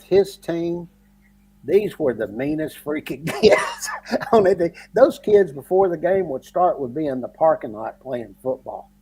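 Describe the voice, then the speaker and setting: Husky man, laughing storyteller. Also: medium pitch, a little mellow. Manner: laughs often while telling stories. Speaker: podcast co-host. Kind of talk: casual chat.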